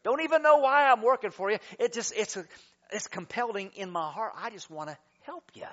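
Pastor guy preaching, high voice, gets loud and lively, dull lo-fi recording. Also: fairly quick. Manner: animated, shouts praise and laughs while preaching. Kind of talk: sermon.

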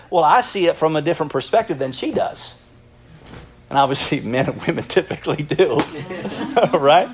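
Man, high voice, pastor, sermon, lively storyteller, laughs a lot.

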